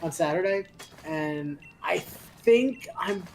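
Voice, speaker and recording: A co-host on a casual gaming podcast who talks in a halting way, thinking aloud with many fillers. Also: medium pitch, slight background noise. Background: faint background music.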